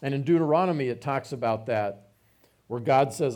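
A man's voice: mid-range voice, moderate pace, a little mellow. A man giving a conversational Bible teaching, reading passages aloud and explaining them with informal asides.

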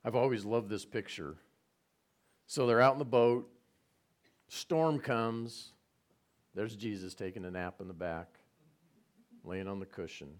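A man's voice: on the low side, unhurried, long pauses. A man preaching a conversational sermon, retelling scenes with repetition and side remarks. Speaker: pastor.

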